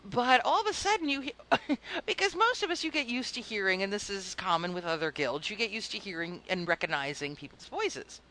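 Woman podcast host, bright voice, lively pitch, giggly storyteller. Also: brisk. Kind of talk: casual chat.

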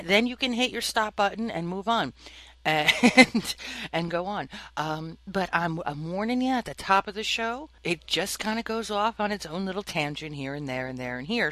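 A woman's voice: low-pitched, fairly bright tone, poor audio. A woman hosting a casual group podcast, bubbly and rambling, laughing often. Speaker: podcast host. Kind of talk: casual podcast intro and chat.

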